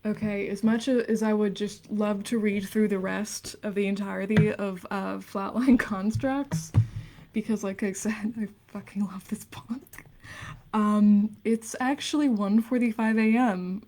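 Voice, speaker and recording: A young woman in her twenties streaming late at night. She reads dense theory aloud softly and earnestly, with hushed, casual asides. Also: mid-range voice, steady tone, measured pace, noisy background. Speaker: livestreamer reading aloud.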